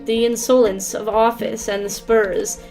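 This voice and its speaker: A woman voicing a nervous bee stage actor in a video game, declaiming slowly and theatrically. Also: fairly high pitch, flat delivery, a little mellow, faint music behind.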